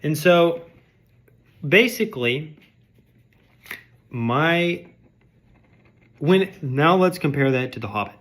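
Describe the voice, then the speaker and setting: A man's voice: on the high side, lively intonation, slow pace, pauses often, a bit bright. A man delivering a comedic rant, mock-outraged and sarcastic, insulting his audience. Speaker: vlogger.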